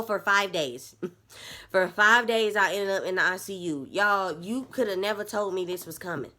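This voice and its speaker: A young woman vlogger telling her own story casually to the camera, addressing viewers as y'all, animated and emotional. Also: lowish voice.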